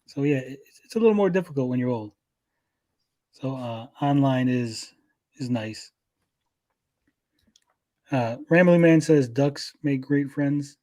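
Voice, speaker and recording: A man's voice: mid-range voice, lively intonation, measured pace, pauses often, mellow. A man hosting a casual stream chat, laid-back and reading chat comments aloud with casual swearing. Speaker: podcast host.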